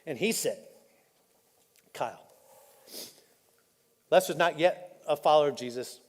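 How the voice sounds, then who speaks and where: A man pastor, preaching a candid, personal sermon that drops soft and choked up when he is moved. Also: a little high, a little fast. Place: church auditorium. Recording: live in a reverberant church hall.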